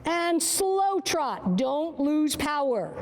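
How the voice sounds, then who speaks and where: A woman's voice: high-pitched, very animated, very slow, a little mellow, slight background noise. A woman riding instructor giving short, encouraging, repeated commands during a driving lesson.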